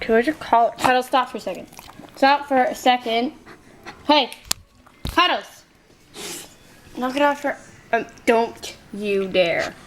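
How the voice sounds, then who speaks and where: Young woman, giggly, talks to her dog; high, very lively voice over a hissy home camera mic. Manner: giggly, scolds and coos at her dog, goes shrill when excited. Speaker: dog owner vlogger. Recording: noisy home camera recording.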